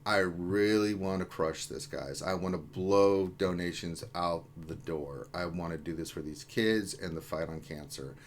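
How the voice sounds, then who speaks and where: A man co-hosting a gaming livestream, energetic and joking as he reads out viewer chat and rallies support. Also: sits low, a little slow, hardly any pauses, a little hiss or hum. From Houston area, USA. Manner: energetic, jokey, hyping up viewers. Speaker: livestream co-host reading chat.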